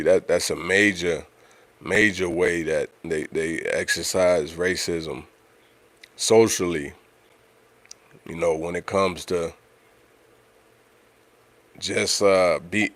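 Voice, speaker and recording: Deep-voiced man talking casually on a livestream. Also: no room sound. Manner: conversational, repeats himself, frequent "you know what I'm saying". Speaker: livestream host.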